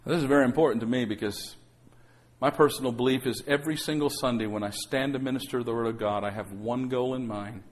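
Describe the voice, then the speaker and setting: A quick-paced man with a medium-pitched voice preaches to his congregation in a church sanctuary. He calls out for amens and acts out the quotes he shares.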